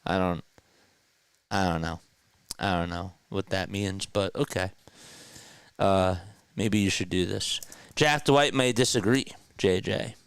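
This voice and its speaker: Smooth-voiced male sports livestream host. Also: deep voice, slow, long pauses, no echo. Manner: chatty, reads viewer comments aloud. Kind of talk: casual livestream chat. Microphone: podcast mixer setup.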